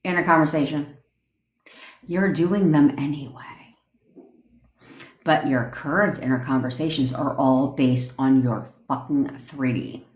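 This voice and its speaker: A woman's voice: a bass voice, fairly even intonation, measured pace, long pauses, reverberant. A woman coach ranting on a livestream, blunt and profane, acting out sassy examples as she teaches. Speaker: manifestation coach. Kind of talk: livestream rant.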